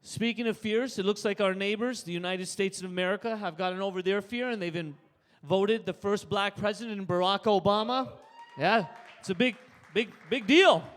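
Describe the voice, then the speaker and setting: A man's voice: high-pitched, normal speed, fairly bright tone. A Canadian man doing a stand-up set on a live stage, punchy, tagging jokes with "right?". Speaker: stand-up comedian. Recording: long reverb in a club.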